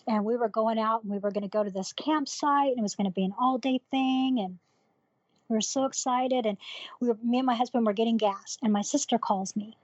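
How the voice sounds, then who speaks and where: A woman with a fairly high voice tells a personal story in an interview, candid and animated, voicing the people in it as she talks. The sound is dry and a little dull and lo-fi, as if from a basic setup. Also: a little fast, no room sound. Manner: candid, animated retelling with quoted dialogue. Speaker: podcast guest.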